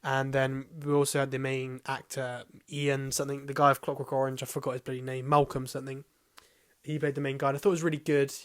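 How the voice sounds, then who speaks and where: A man talks through a film review at mid pitch. He rambles, stops to restart his thoughts, and swears now and then. He sounds like someone chatting rather than reading a script. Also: flat delivery, fast. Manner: rambling, hesitant, swears casually. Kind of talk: casual spoken film review.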